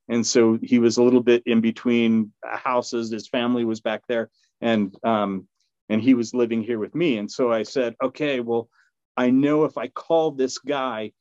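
A man at a middle pitch recounts a story as a guest, rambling through fillers, restarts and quick laughs. The recording is dull and low-fidelity, with a dry, close sound. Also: steady tone, a little mellow, no echo. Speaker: podcast guest. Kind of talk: casual storytelling.

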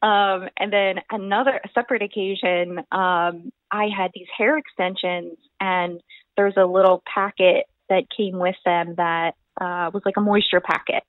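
A young woman telling stories about competition prep in a rambling, animated way, full of fillers. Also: mid-range voice, moderate pace, no echo. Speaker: bodybuilding competitor, podcast guest. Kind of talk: casual storytelling chat. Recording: thin phone-like line.

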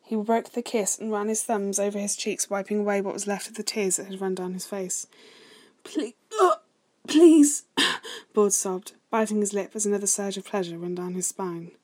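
A woman reading fan fiction aloud in a soft, hushed voice that sometimes drops to a whisper. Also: medium pitch, level tone, brisk, hardly any pauses. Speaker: story reader.

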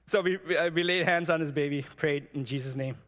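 A man gives a sermon built around a personal testimony, his voice sitting somewhat high for a man. He talks haltingly, often doubling back on words before driving his point home with earnest encouragement. The sound rings with the long reverb of a large church hall. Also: fairly bright tone. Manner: halting, frequent restarts and repeated words; earnest and exhortative. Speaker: preacher sharing testimony.

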